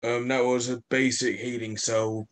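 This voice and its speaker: A man's voice: mid-range voice, little pitch movement, a little slow. A man playing a tabletop game, hesitant and thinking aloud as he speaks. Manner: hesitant, full of ums. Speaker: player. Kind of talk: casual chat at a tabletop game.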